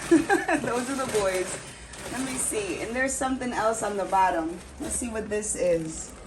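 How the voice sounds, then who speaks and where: A woman gushing through a gift unboxing at home, exclaiming and repeating herself. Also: medium pitch. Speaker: vlogger. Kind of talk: unboxing vlog.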